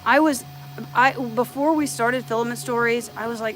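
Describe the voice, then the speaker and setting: A middle-aged American woman with a slight Southern accent talks on a casual live stream, thinking aloud as she works. Her voice sits a little high. A faint hum carries underneath from her home workshop. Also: normal speed, fairly bright tone, rough recording. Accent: light American Southern. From United States. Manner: chatty, thanks viewers and thinks aloud. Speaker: 3D printing streamer.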